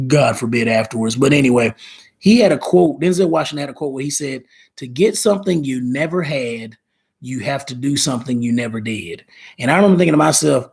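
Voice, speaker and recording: A man's voice: medium pitch, fairly quick, creaky, slightly rough. A man in his thirties hosting a casual live stream, talking in a rambling way, repeating words and reading viewer comments aloud. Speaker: live show host.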